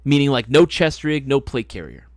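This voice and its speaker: A man hosting a casual live stream chat, telling stories in an animated way, swearing freely and laughing often. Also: medium pitch, normal speed, no room sound, studio quality. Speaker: host.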